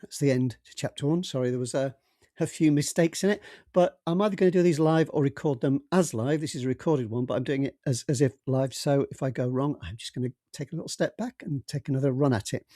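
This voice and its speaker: Mellow male author reading his own story. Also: medium pitch, fast, dry recording, studio quality. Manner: hesitant, with fillers and restarts in the chat. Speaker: author and narrator. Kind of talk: storybook narration and casual chat.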